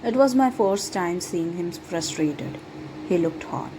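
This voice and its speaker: Woman reading a romance fanfic aloud, lowish voice, lovestruck and dramatic, noisy background hum. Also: slow pace. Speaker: fan fiction reader. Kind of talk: first-person story narration. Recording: steady background noise.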